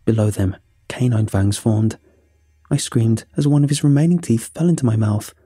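Dark, husky male horror narrator. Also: medium pitch, lively intonation, normal speed, dry recording, studio quality.

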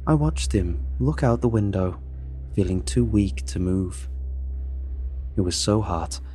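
A man reading a first-person story in a steady, dry narrating manner. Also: sits low, a little slow, faint music behind.

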